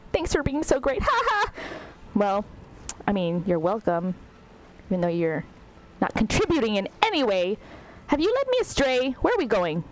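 A woman streams a video game live, making sarcastic comments and laughing as she talks back to the characters. Her voice is high, and the poor audio carries a little hiss or hum.

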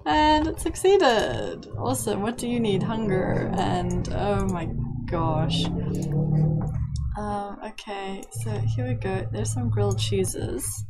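A young woman giving chatty, excitable commentary while playing a life-sim game, often squealing in delight. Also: medium pitch, slow, loud music behind the voice. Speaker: gaming YouTuber. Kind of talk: gameplay commentary.

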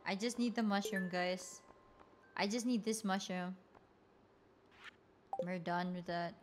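A woman streamer chatting casually with viewers while she plays, swearing freely. Her voice jumps high when she gets angry. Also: fairly even intonation, slow, background noise. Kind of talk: casual gameplay commentary.

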